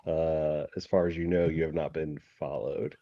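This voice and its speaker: A man narrating as game master of a tabletop role-playing game, halting and full of restarts. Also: extremely low pitch, flat delivery, no room sound, dull audio. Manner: halting, many fillers and restarts.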